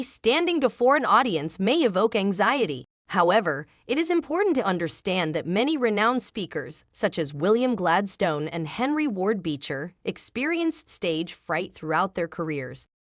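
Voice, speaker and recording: A woman's voice: mid-range voice, big pitch swings, normal speed, few pauses, dry recording, studio quality. A woman narrating a book summary in a polished, scripted reading without fillers.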